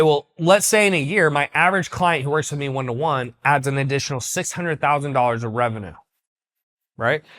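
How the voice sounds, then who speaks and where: A man's voice: a little high, a bit bright. A young man, a business coach, giving a confident, direct, salesy talking-head lesson.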